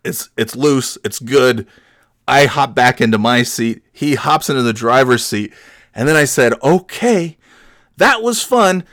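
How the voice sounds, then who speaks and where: A man's voice: medium pitch, fairly even intonation, unhurried, a bit bright, dry recording, studio quality. A man telling a comedic story in a rambling, profane, self-deprecating way.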